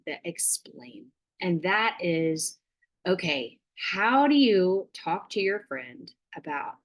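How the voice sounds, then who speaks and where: A woman giving a casual parenting workshop, chatty and full of fillers, acting out little dialogues. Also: fairly low pitch.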